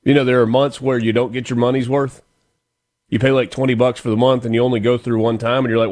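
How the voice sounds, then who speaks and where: Morning radio host guy, chatty and easygoing, plain mid pitch. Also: little pitch movement, fast talker, darkish tone. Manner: easygoing, chatty, reads birthdays and sponsor spots. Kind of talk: casual morning radio chat and announcements. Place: radio studio.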